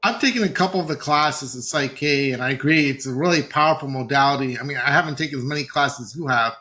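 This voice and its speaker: A man hosting an interview podcast, asking eager, rapid questions of his guest. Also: medium pitch, bright, forceful tone. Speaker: podcast host. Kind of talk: casual interview.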